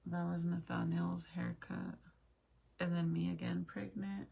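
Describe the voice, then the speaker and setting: Gravelly-voiced young mom chatting. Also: female voice, on the low side, little pitch movement, measured pace, warm tone. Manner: chatty, swears casually, talks to viewers as "you guys". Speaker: mom vlogger. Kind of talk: casual chat looking through old photos.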